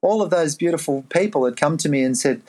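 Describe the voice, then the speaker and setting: A middle-aged Australian man, a life coach, telling a personal story in a podcast interview, earnest and animated, often jumping into a higher voice to act out his own past thoughts. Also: quick pace.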